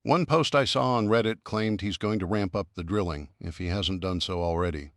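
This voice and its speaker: A laid-back young man teases and muses about conspiracies in a relaxed way. A man plays him in an audiobook. The recording is dry and close. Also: low-pitched, normal speed, no echo. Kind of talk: audiobook character voice.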